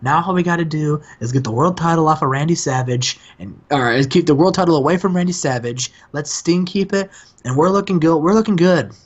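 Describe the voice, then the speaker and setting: A man's voice: a little high, a little fast. A man hosting a casual gaming commentary, joking and acting out characters as he plays. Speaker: host. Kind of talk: casual let's-play commentary. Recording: dull lo-fi mic.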